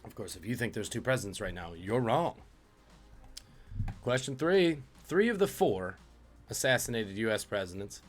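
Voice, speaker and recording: A man's voice: fairly low pitch, animated, normal speed, soft background music. A man hosting a live-streamed trivia quiz, reading questions and joking about viewers' guesses. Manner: jokey, reads out questions and chat guesses. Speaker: trivia host.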